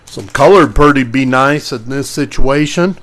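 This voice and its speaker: Slow-talking man hosting a live card break. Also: mid-range voice, fairly bright tone. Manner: calls out player names while opening packs, greets viewers by name.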